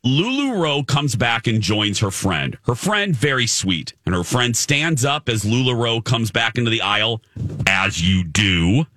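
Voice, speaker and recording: A man's voice: mid-range voice, measured pace, no echo. A man telling a story in casual podcast chat, acting out the people he quotes. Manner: animated, dramatic storyteller who acts out quotes.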